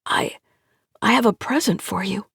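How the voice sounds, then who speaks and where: A woman voicing a remorseful male scientist who speaks in a trembling, halting way. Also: mid-range voice, lively intonation, creaky, fairly bright tone, breathy edge, no room sound, clean studio sound, pitched above the performer's own voice, heavily acted.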